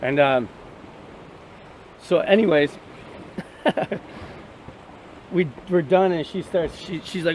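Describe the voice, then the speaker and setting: A man's voice: a little high, unhurried, pauses often, a little hiss or hum. A man telling a crude story in a rambling, swearing, casual way to his vlog camera outdoors by the sea. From Canada. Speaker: vlogger.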